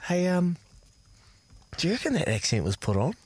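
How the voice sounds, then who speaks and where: A man's voice: high-pitched, huge pitch swings, normal speed, slightly rough. Playful male radio co-host. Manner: playful, teasing. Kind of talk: breakfast radio banter.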